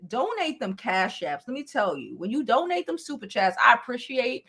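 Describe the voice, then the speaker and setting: A young adult woman hosting a gossip and advice show, chatting casually to her livestream viewers, animated, laughing often and swearing freely. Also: on the high side.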